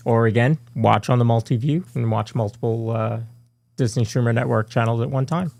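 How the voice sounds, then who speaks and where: A man with a gravelly, creaky voice co-hosts a live fan podcast. he rambles casually through announcements, full of fillers and restarts. the sound is dry and close, with no room in it. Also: mid-range voice, steady tone, brisk, a little mellow, dry recording. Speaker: podcast co-host.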